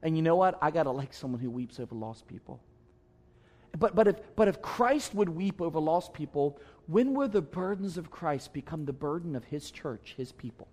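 A man's voice: on the high side, lively intonation, moderate pace, darkish tone. A man preaching a sermon as a pastor, telling a personal story in an earnest, conversational way with emphatic asides.

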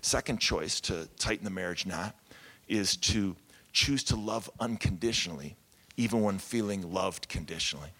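A man's voice: sits low, normal speed, pushed and bright. A man, a pastor, telling his story in a candid, conversational sermon with self-deprecating humor.

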